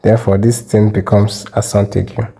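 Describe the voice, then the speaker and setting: A man teaching French spelling rules, explaining step by step and repeating example words slowly. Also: fairly low pitch, flat delivery, creaky, warm tone, slightly rough, low-quality recording. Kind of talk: explanatory lesson.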